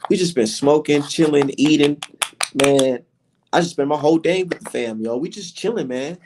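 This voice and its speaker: A man's voice: on the high side, moderate pace, noisy background. A man hosting a casual boxing livestream, ranting with heavy profanity.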